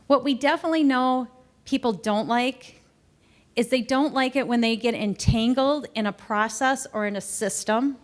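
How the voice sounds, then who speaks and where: A middle-aged woman giving a customer service training talk in a conversational, animated way, acting out quoted exchanges. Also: a little high, moderate pace. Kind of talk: training presentation. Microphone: recorded to camera.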